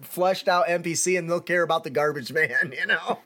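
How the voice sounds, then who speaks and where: Male podcast host, enthusiastic and quick to laugh, somewhat high voice. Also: bright, forceful tone. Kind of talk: casual podcast chat.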